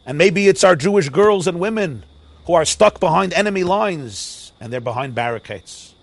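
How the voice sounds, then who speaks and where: A man, a rabbi, preaching a sermon through a story, dramatic and swinging between loud and hushed, with Hebrew and Yiddish phrases mixed in, recorded outdoors near a forest. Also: sits high, lively intonation, moderate pace, creaky, no echo.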